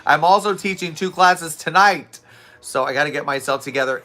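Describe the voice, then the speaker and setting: With a mid-range voice that's bright and forward yet a bit raspy from long hours of talking and teaching, a male fitness instructor from Southwest Florida runs a casual live stream. He's lively and talkative, laughs a lot, and responds to viewer comments, all captured on a streaming setup close to the camera.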